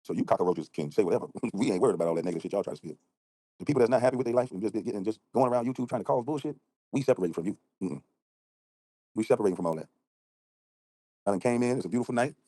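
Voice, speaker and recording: A man livestreaming from an outdoor balcony at night, ranting rapidly and combatively and acting out both sides of an argument. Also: fairly low pitch, warm tone, dry recording. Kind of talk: heated casual livestream rant.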